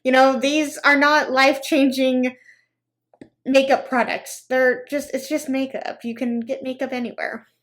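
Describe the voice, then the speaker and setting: A woman with a high voice talks in a casual, sarcastic way as she reacts to clips. She tells stories animatedly, acting out the other people in them. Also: unhurried. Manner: sarcastic, reacting with groans and laughter; animated, acts out other people's lines in story. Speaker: anti-MLM commentary YouTuber. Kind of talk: casual commentary and storytime.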